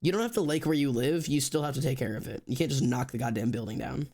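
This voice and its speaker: Warm and gravelly, this mid-range male voice moves fast. A young man is streaming from home, casually chatting with viewers in a rambling way full of fillers and restarts.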